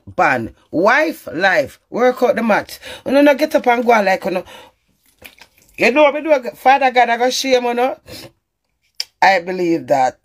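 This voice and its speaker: A woman's voice: mid-range voice, breathy edge. A Jamaican woman in an emotional live-stream rant, pleading and emphatic and swearing often. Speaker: social media personality.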